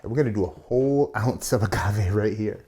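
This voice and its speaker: A man's voice: lowish voice, brisk, heavy background noise. A man hosting a casual cocktail tutorial, chatty and playful, with asides and slang as he builds a drink. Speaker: bartender and channel host.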